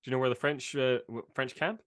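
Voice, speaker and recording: A man's voice: steady tone, fast, a bit bright. A man playing a tabletop game in character, earnest and full of questions. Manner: earnest, questioning, rising pitch. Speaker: player. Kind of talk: tabletop role-play chat.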